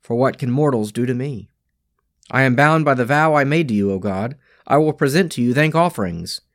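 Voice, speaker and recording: A man reading daily scripture lessons and prayers in a measured, solemn way. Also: medium pitch, no echo, studio quality. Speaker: scripture reader.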